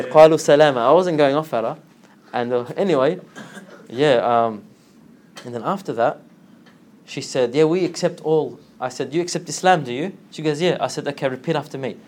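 A man giving an informal religious talk, telling a story with lively acted-out dialogue and frequent laughter. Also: a little high. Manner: animated storytelling, acts out dialogue, laughs often. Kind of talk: informal religious lesson with anecdote.

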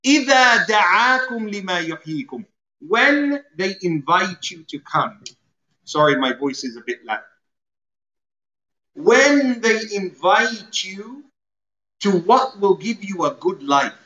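A man's voice: high-pitched, big pitch swings, slow, pauses often, pushed and bright. A man giving a sermon, explaining Arabic terms and acting out everyday scenes. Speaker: preacher. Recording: roomy, slightly dull sound.

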